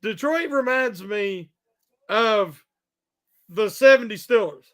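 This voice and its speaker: A man speaks in an unusually high, bright voice. He talks in a relaxed drawl, taking his time over his words. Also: slow pace, faint music behind. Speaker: co-host. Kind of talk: casual live draft chat.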